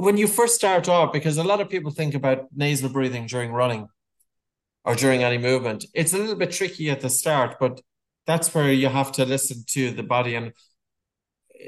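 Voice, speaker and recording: A man hosts a relaxed podcast conversation. He speaks in an ordinary mid-range voice and steers the talk with easy questions. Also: mid-range voice. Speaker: podcast host. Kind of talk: casual podcast chat.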